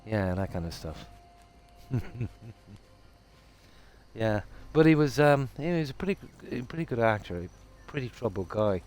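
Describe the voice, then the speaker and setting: A middle-aged Irish man with a Midlands accent chats with his stream viewers in a somewhat low voice. He rambles along in a relaxed, easygoing way and pokes fun at himself. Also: a little slow, long pauses, slight background noise. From Ireland. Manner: relaxed, rambling, self-deprecating. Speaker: game streamer. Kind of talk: casual chat with stream viewers.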